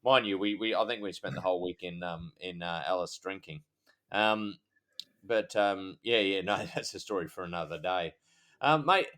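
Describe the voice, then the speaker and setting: A man's voice: sits low, normal speed, fairly bright tone. An Australian man co-hosting a podcast, a police officer chatting hesitantly with many ums. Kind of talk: casual chat.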